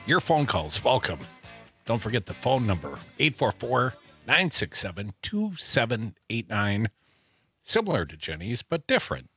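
A man hosting a talk radio show, loose and energetic as he banters. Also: mid-range voice, moderate pace, slightly rough, dry recording, soft background music.

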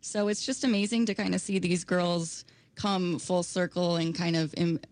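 A woman's voice: fairly low pitch, steady tone, normal speed, darkish tone, dry recording. A woman co-hosting a casual radio talk, enthusiastic and loose with fillers. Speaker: radio co-host.

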